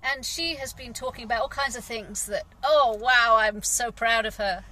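A woman's voice: on the high side, moderate pace, bright, forceful tone, rough recording. An English woman, a gardener, talking candidly in a rambling vlog monologue, sighing and frustrated. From England. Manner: rambling, candid, frustrated, frequent sighs and fillers.

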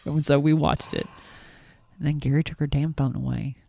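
A woman's voice: low-pitched, steady tone, moderate pace, gravelly, mellow, slight background noise. A woman co-hosting a podcast in casual chat, a chatty, rambling storyteller who swears casually. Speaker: podcast co-host.

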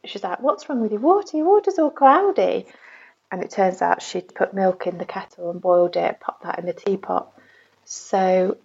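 Husky creaky woman on a lo-fi voicemail. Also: lowish voice, darkish tone. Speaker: caller leaving a voicemail. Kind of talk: casual voice message. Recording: dull lo-fi phone message.

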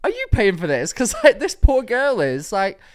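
A woman's voice: mid-range voice, wildly swooping pitch, normal speed, a little mellow. A young woman, telling stories in a casual podcast chat. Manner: chatty, storytelling, giggly. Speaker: podcast co-host.

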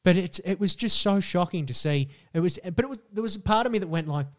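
Aussie man, podcast co-host, crude and animated storyteller, slightly high voice. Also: fast talker. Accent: Australian. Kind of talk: casual chat.

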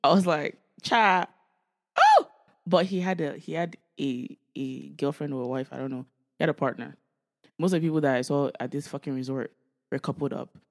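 Animated woman in her twenties telling stories. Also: low voice, brisk, gravelly. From Canada. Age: 20s. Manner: animated storytelling, swearing freely, acting out quoted family members. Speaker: podcast co-host. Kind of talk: casual chat.

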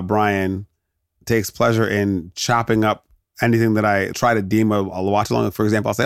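A man's voice: on the low side, gravelly, no room sound, clean studio sound. A man hosting a podcast, chatting casually and digressing into jokes, laughing often. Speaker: podcast host. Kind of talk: casual rambling commentary.

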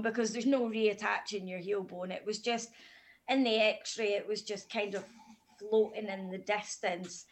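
Frank, calm woman telling her story. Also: medium pitch, a little slow. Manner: calm, frank, matter-of-fact. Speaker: podcast guest. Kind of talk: candid personal storytelling.

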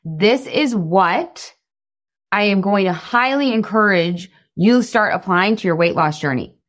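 A woman in her thirties giving a casual coaching talk, animated and laughing often, acting out quoted voices. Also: medium pitch, unhurried. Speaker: podcast host and weight loss coach.

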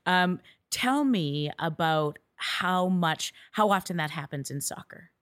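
A woman hosts a podcast with loose, rambling questions, circling back and restarting as she talks. Her voice sits low, and the recording is dry and close. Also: slow pace, dry recording. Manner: rambling, animated questions with restarts and mild swearing. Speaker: podcast host. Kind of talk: casual interview chat.

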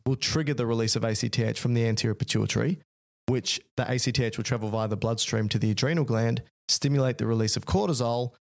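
A man co-hosting a podcast, talking through physiology in a relaxed chat. His voice sits at a middling pitch. He is playful and keeps slipping in jokes between explanations. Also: creaky. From Australia. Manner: playful, jokey, explains step by step. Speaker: podcast co-host. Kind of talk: casual educational chat.

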